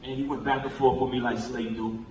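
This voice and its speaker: A man's voice: mid-range voice, little pitch movement, brisk. Impassioned man in an echoing theater. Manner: impassioned, emphatic, recounts conversations with his late friend. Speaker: eulogy speaker. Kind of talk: memorial speech. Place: large theater hall. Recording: echoey hall, distant pickup, faint noise.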